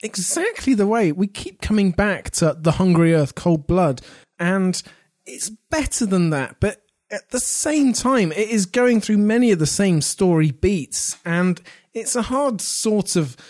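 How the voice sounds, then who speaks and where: A man's voice: high-pitched, lively intonation, a little slow, a little mellow. A man co-hosting a podcast, giving a casual, self-deprecating review of an episode. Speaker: podcast co-host.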